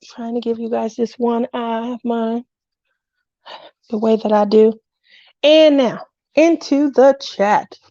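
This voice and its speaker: A woman's voice: a little high, fairly even intonation, takes it slowly, pauses often, mellow, no room sound. A woman hosting a casual craft livestream, chatting to her viewers in a rambling way and laughing often. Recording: dull, lo-fi dry sound.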